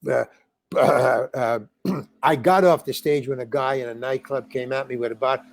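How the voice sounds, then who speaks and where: An older comedian and actor, appearing as an interview guest, tells rambling stories in conversation, restarting often and acting out the lines he quotes. His mid-range voice is gravelly, with fairly even intonation and a moderate pace.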